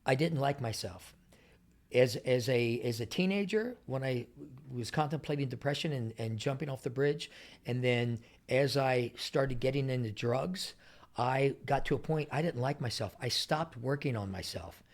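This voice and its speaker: Speaking in a mid-range voice at a moderate pace, this middle-aged interview guest answers questions casually. His stories are lively, and he performs the voices of the people he quotes.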